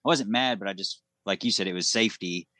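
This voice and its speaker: A man's voice: fairly low pitch, fast talker, bright, forceful tone, no echo. A man co-hosting a podcast, telling an easygoing story in casual conversation. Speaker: podcast co-host.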